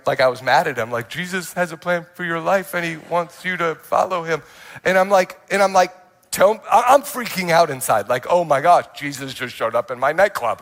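Young male pastor, animated testimony, slightly high voice, restless restarts. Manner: animated storytelling with many restarts and quoted asides. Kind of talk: sermon testimony.

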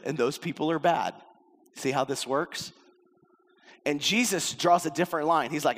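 A man's voice: a little high, lively intonation, moderate pace, pauses often, fairly bright tone. Man preaching in a reverberant hall. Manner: conversational preaching, acts out quotes. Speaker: pastor. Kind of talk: sermon.

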